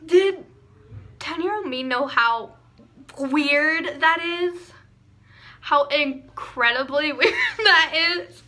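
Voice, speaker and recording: A woman's voice: high voice, extremely slow, pauses often, bright, forceful tone. A teenage girl from Pennsylvania reading her old fan fiction aloud, giggling and mocking it with lots of "like" and "um". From Pennsylvania, USA. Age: teens. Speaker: vlogger. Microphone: phone camera.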